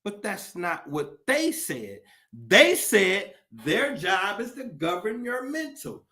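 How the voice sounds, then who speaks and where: Male commentator, high-pitched and bright, profane and impassioned, preaching in rhetorical questions. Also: sing-song, takes it slowly. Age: adult. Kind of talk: impassioned monologue.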